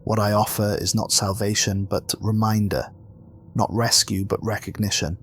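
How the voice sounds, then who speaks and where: A man's voice: fairly low pitch, flat delivery, a little hiss or hum. A man voicing Raziel, a solemn archangel. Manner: gentle yet commanding, solemn and measured. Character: calm, commanding archangel of immense, gentle authority.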